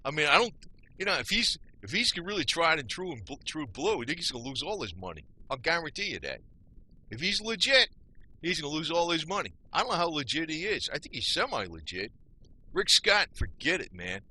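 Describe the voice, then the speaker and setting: Fairly high-pitched and husky, his voice is very animated, bright and forceful, moving a little fast. He's a YouTube video maker ranting on his channel, blunt and furious, circling back on himself with slangy talk full of "man" and "you know."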